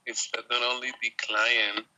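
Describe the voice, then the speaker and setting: A man guest in a casual chat, explaining things in a measured way. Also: mid-range voice, flat delivery, pushed and bright, dry recording, low-quality recording.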